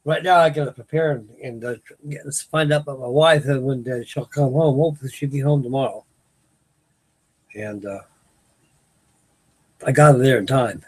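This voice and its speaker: A man's voice: mid-range voice, normal speed, long pauses. An older man, rambling folksily as host of a late-night live chat with his viewers. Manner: folksy, meandering, restarts sentences. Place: home at night.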